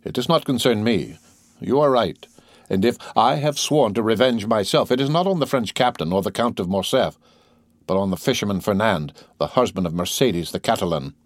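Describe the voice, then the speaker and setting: A proud nobleman bent on revenge, read by a man, speaks with cold, measured calm and a bitter edge. The voice sits very low. The audiobook recording is dry and close. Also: no echo, lightly acted. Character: proud, coldly vengeful nobleman, middle-aged man. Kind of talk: audiobook character reading.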